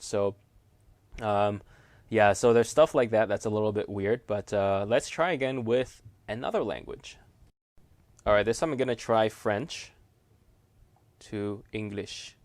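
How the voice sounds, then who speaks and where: A man's voice: lowish voice, dry recording. A man reviewing a gadget in a chatty, casual demo, laughing easily and poking fun at himself. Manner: chatty, laughs easily, self-deprecating asides. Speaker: tech reviewer.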